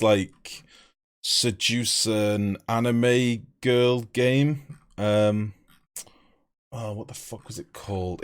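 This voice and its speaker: Sweary male game streamer. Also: lowish voice. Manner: blunt, sweary, rambling. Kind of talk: casual live-stream chat.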